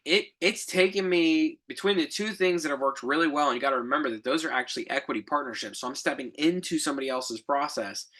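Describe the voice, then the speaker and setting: A man's voice: mid-range voice, pushed and bright. A young adult man hosting a podcast, telling a reflective story in a rambling casual way, with fillers, self-corrections and light laughs. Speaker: podcast co-host.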